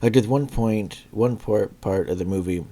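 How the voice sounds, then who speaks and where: Low-voiced rambling man reviewing a movie. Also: moderate pace, mellow. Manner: rambling, many fillers and restarts; clears throat and coughs often. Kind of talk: casual spoken review.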